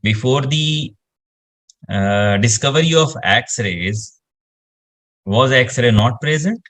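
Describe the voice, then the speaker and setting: A man's voice: mid-range voice, animated, takes it slowly, fairly bright tone. A man, explaining space science in casual conversation and rambling with lots of "you know" fillers.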